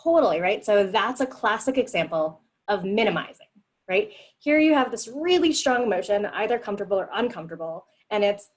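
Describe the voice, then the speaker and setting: A woman's voice: mid-range voice, sing-song, a little fast, low-quality recording. A woman leading a group discussion on empathy over a video call, upbeat and acting out quoted replies in a livelier voice. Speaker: meeting facilitator.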